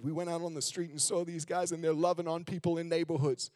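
A man preaching a sermon in a church, telling candid, self-mocking stories and swinging between loud emphasis and low, hushed lines. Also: flat delivery, quick pace, hardly any pauses, no room sound. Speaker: guest preacher. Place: church sanctuary.

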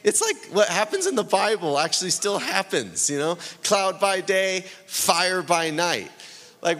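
Pastor guy preaching, kinda high voice, acts out little voices in his stories, big hall echo. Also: moderate pace. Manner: animated storytelling, acting out voices in quotes. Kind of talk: sermon.

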